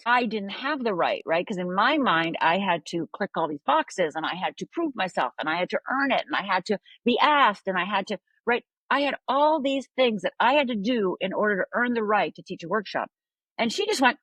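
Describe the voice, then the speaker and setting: A woman's voice: mid-range voice, big pitch swings, normal speed, a bit bright, slightly rough, no echo. A woman coach on a podcast interview, telling a story animatedly and often adding "right?". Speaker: life coach guest.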